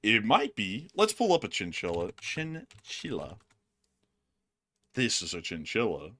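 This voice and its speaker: A man's voice: lowish voice, huge pitch swings, moderate pace, a bit bright. A man co-hosting a casual livestream, joking, laughing often and reading out updates. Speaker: co-host.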